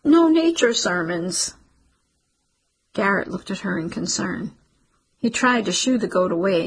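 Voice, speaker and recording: Woman, audiobook narration, steady and measured, very husky, gravelly. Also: medium pitch, low-quality recording. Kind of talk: scripted narration.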